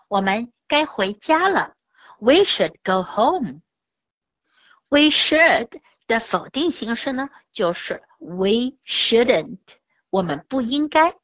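A woman's voice: fairly high pitch, fairly bright tone, no echo. A woman English teacher giving a picture-book lesson, explaining patiently and reading the story aloud. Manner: slow, careful, patient explaining. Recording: dull lo-fi dry recording.

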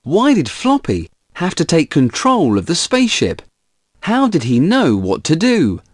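Man, story quiz questions for kids, very lively pitch, dry close sound. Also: measured pace, dry recording. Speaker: reading-comprehension presenter. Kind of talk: asking follow-up questions to children.

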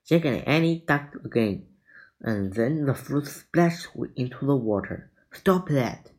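Slow man reading a children's book. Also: medium pitch, animated, a little mellow, poor audio. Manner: slow, deliberate reading with small slips. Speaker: reader.

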